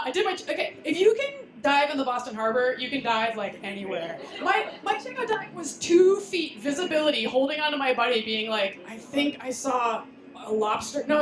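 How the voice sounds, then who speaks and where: A woman's voice: high-pitched, a little hiss or hum. A woman in her thirties giving a casual live talk with slides, chatty and self-deprecating, laughing often and restarting her sentences. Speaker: speaker at a science talk night. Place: lecture venue with audience. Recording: echoey room, faint ambience.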